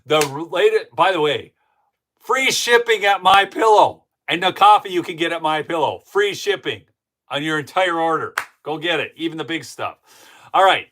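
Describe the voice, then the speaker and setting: A man's voice: fairly high pitch, normal speed, fairly bright tone, slight background noise. A man hosting a live-streamed political commentary show, heated and indignant, talking straight to his chat.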